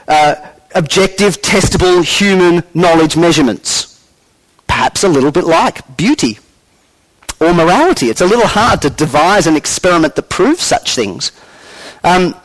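Male preacher, higher-pitched voice, very expressive, chatty sermon delivery. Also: low-quality recording. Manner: animated, conversational, acts out quoted voices.

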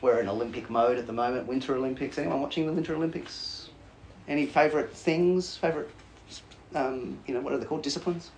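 A man's voice: medium pitch, fast talker, slight background noise. A man preaching a sermon, chatty and joking with the congregation, asking questions and reading scripture aloud. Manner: conversational, animated, jokes with congregation. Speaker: pastor.

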